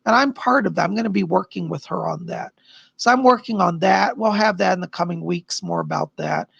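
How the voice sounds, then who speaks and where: A tired middle-aged man with a raspy, worn voice, chatting upbeat with viewers as a psychic livestream host. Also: high voice, brisk, a bit bright, no echo, muffled recording. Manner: chatty, upbeat, answers chat questions. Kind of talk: casual live-stream chat.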